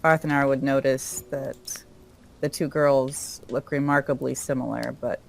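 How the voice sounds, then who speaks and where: A woman describing her character's actions in a tabletop game, measured and calm. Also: rumbling low, gravelly. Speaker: player.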